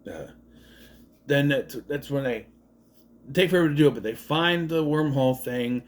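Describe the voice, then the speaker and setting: A man's voice: mid-range voice, animated, normal speed. A man giving a casual, rambling movie review, sarcastic and swearing often.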